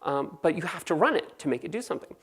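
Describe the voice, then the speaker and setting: Californian woman, low gravelly voice, fast joking conference presenter. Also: lively intonation. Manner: quick, joking, conversational. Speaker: conference speaker. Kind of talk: technical conference talk.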